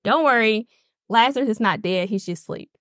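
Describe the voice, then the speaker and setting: A woman voicing a calm, reassuring male teacher in a retold story, speaking lower and softer. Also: fairly quick, no room sound, clean studio sound, close to an everyday voice. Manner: calm, soothing.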